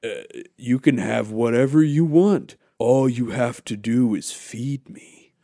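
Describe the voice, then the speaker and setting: A man imitating a creepy voice coming from a basement door, slow and coaxing. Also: mid-range voice, creaky, mellow, no echo, studio quality.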